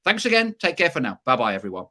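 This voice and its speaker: Brief: host, chatty, pitch moving a lot, signing off. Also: male voice, huge pitch swings, fast, pushed and bright. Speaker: podcast host. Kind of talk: casual chat and sign-off.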